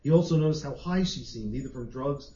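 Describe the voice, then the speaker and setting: A man's voice: medium pitch, brisk, mellow. Man reading his fiction aloud. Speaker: author. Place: library reading event. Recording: roomy, dull recording.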